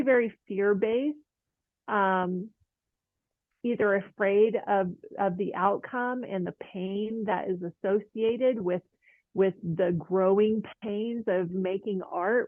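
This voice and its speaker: In dry, phone-quality audio, a woman with a medium-pitched voice teaches oil painting through a casual, motivational talk to camera. She's chatty and encouraging, often filling pauses and laughing lightly.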